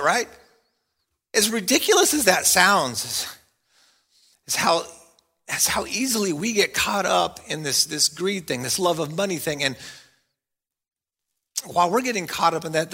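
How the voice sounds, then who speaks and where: A middle-aged pastor preaching to his congregation in a high, bright voice. He is animated, moving from loud, playful bursts to quiet, earnest points. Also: slightly rough. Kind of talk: sermon.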